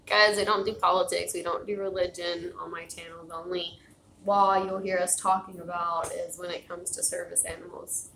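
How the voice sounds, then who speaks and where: A woman with a lowish, gravelly yet fairly bright voice chats casually on a home livestream, speaking at a moderate pace in a level tone. She rambles and laughs often, growing tired and out of breath, in an echoey room with faint noise.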